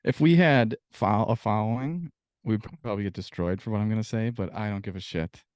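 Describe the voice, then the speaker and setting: A man's voice: on the low side, brisk, darkish tone, clear, resonant tone, no room sound, studio quality. Ranting, profane man on a podcast. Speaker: podcast co-host. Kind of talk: casual sports podcast chat.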